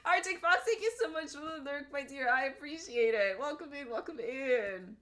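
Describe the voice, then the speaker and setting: A woman's voice: high-pitched, normal speed, a bit bright. A young adult woman from Puerto Rico streaming live, chatting casually and greeting her chat by name.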